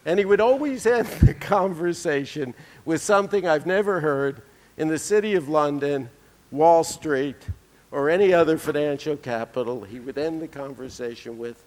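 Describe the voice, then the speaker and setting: A man's voice: on the high side, moderate pace, a little mellow. A man delivering a conference keynote, telling anecdotes with dry humor. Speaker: keynote speaker. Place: conference hall. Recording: reverberant lecture hall.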